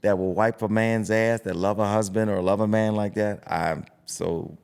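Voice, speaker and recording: On a casual podcast, a middle-aged boxing coach talks bluntly and animatedly, acting out voices for the things people say to themselves. His voice is lowish and smooth with some vocal fry, at a normal speed.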